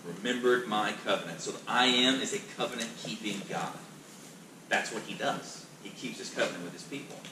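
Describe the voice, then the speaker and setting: A man's voice: on the low side, fairly quick. A male pastor teaching a Bible class in a conversational, emphatic way, often restarting and repeating words. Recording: echoey room, distant mic, noisy.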